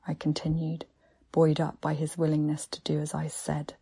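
A woman narrating an erotic story in a slow, hushed, breathy half-whisper. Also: low voice, monotone.

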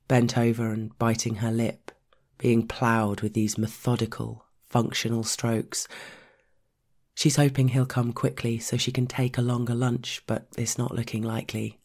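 A man reading an adult story aloud as a narrator, in steady, measured storytelling. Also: mid-range voice.

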